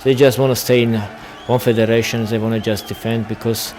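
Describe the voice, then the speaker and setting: A man's voice: medium pitch, level tone, fairly quick, darkish tone, some chatter behind. A man with an Armenian accent, a boxer speaking broken English bluntly and confidently as an interview guest. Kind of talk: casual interview.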